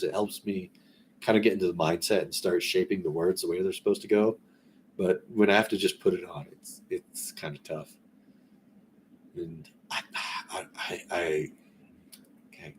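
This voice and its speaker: A man reading a classic story aloud in a relaxed way, breaking off now and then for rambling, conversational asides. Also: sits low, slight background noise. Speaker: story reader.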